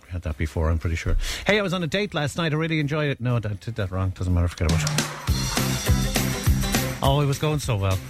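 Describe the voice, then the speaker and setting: A man's voice: mid-range voice, fast talker, pauses often, music in the background. A man co-hosting a radio show, telling jokes and rambling through playful questions. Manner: jokey, rambling, animated questioning. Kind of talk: casual radio banter.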